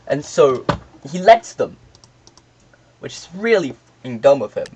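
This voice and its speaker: Distracted by the game he's playing, a man gives a loose, offhand, sweary history explanation that rambles and trails off. He speaks slowly and very animatedly at a medium pitch, over a noisy background.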